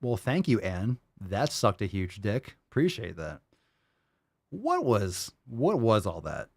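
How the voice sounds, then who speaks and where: A man's voice: fairly low pitch, very animated, takes it slowly, vocal fry, dry recording. A man hosting a podcast, reacting to clips with profane, sarcastic mockery. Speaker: podcast host. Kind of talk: casual reaction commentary.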